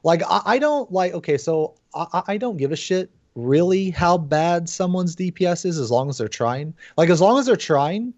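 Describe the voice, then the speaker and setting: A man rants bluntly and profanely as a podcast guest, his fairly high voice swinging up as he gets worked up. The sound is dull and lo-fi, recorded dry with no room echo. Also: moderate pace, hardly any pauses. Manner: blunt, profane, animated ranting with laughs. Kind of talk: casual podcast chat.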